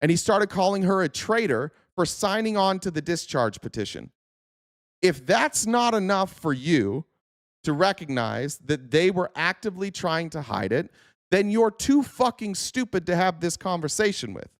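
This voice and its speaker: Angry streamer guy, high voice that jumps all over, cursing a lot, dry close mic. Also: very animated, normal speed, dry recording. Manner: angry, profane, confrontational. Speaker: political livestreamer. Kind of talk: heated livestream rant.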